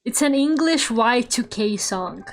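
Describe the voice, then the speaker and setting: A woman's voice: a little high, animated, measured pace. A woman streamer chatting casually while she draws, laughing often and swearing offhandedly. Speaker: VTuber streamer.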